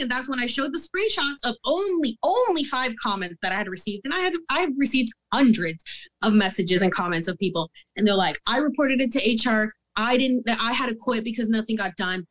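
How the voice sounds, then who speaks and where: A young woman with a slightly high voice tells a story in a relaxed interview. She gets heated and profane and speeds through it, acting out what others said as she goes. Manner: heated, profane, rapid storytelling with quoted dialogue. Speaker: guest.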